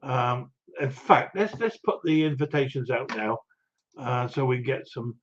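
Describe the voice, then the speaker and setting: A man's voice: medium pitch, lively intonation, a little slow, slight background noise. An older man hosting a live stream, chatting casually and chuckling while he greets viewers from the chat. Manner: chatty, rambling, chuckles often. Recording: dull lo-fi audio.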